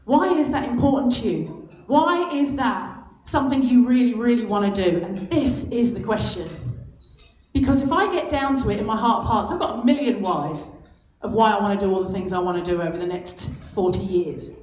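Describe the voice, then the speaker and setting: A woman's voice: fairly high pitch, animated, moderate pace, darkish tone, a little hiss or hum. A woman in her fifties giving an impassioned motivational speech on stage, stressing her points through repetition. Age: 50s. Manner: impassioned, emphatic, repeats for stress. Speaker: guest speaker. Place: stage at a lunch event. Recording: echoey hall.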